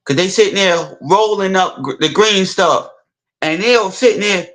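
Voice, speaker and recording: High-voiced man, rambling casual retelling. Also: fairly bright tone, low-quality recording. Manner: rambling, halting, many restarts and repeats. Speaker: storyteller.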